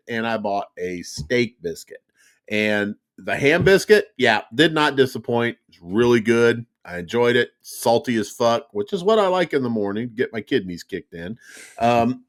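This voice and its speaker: A middle-aged man hosting a podcast, telling stories in casual, profane chat with frequent laughs. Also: mid-range voice. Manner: profane, animated storytelling with laughs. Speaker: podcast host.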